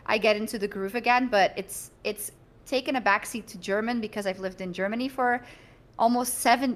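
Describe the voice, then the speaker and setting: A young woman from Belgium, a guest in a casual interview, talking in a chatty, animated way and laughing often. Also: on the high side, fairly quick.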